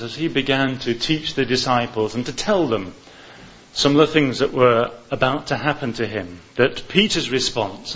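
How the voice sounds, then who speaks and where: A man preaching a sermon in an earnest, measured way, often repeating words for emphasis. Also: medium pitch, a bit bright. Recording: slightly muffled lo-fi recording.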